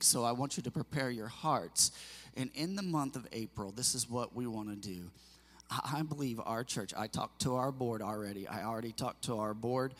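A man's voice: medium pitch, fairly bright tone. A middle-aged male pastor preaching a sermon in an earnest, emotional way, often repeating himself and restarting phrases. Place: church sanctuary. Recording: long hall reverb.

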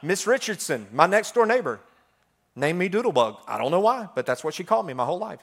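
A middle-aged man preaches in a chatty style full of fillers, swinging between loud passages and hushed ones. He has a high voice, talks fast, and is very animated.

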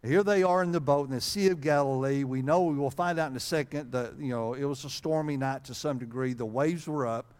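A man's voice: mid-range voice, brisk, hardly any pauses, a little mellow, clear, resonant tone. A male pastor preaching a sermon with humor, in a conversational way, often reading old-style scripture wording aloud. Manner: conversational, frequent fillers and restarts.

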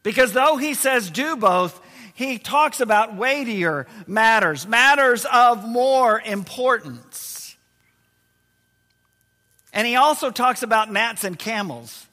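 A pastor delivers a sermon in a high, sharp male voice that rings out through a reverberant hall. He slows down to stress key words and sometimes lets his voice sink low and quiet. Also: expressive. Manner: emphatic preaching, slowing to stress key words, voice dropping low and quiet at times.

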